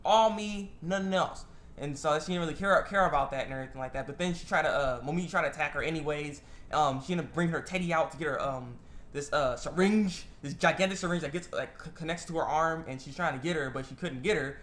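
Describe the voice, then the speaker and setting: A man casually recapping an anime episode, rambling and excitable, full of fillers and restarts. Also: a little high, quick pace. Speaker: anime reviewer.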